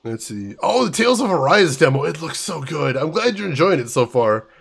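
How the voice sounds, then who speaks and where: A man's voice: fairly high pitch, sing-song, brisk, vocal fry, breathy edge. A man casually commenting as he plays a video game and reads chat aloud. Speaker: gaming streamer.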